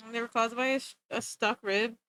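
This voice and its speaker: Woman streamer, casual chat while drawing; high, sharp voice, animated and self-mocking. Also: dry recording, poor audio. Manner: animated, joking, self-mocking, quick to laugh. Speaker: livestreamer.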